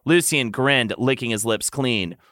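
A man, a podcast host, narrating in a mock-sultry, deadpan comedic reading. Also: medium pitch, unhurried, dry recording, clean studio sound.

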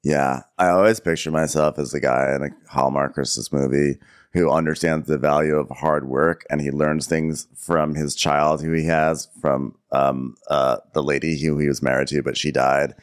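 A man's voice: a bass voice, level tone, moderate pace, smooth. A man co-hosting a comedic podcast that recaps reality TV, riffing with sarcastic jokes. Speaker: podcast co-host.

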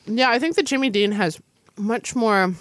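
A woman in her thirties chatting casually while tasting food, animated and opinionated, with quick asides. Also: on the high side, dry recording.

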